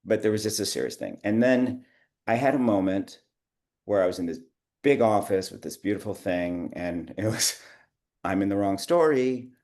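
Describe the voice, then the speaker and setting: A man's voice: on the low side, normal speed, a little mellow. A middle-aged man telling long, rambling anecdotes in an interview, acting out the dialogue and breaking off to laugh. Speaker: guest, theater producer. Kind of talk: conversational interview storytelling.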